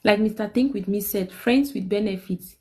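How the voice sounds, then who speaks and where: A young woman, hosting a live stream and telling a personal story in casual chat. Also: normal speed. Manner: animated, quotes people with big pitch jumps.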